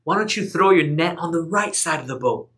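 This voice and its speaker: A man voicing Jesus as a gentle, calm grown man who talks in casual, modern words. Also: fairly high pitch, a little fast, voice pushed up. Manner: casual, modern everyday wording.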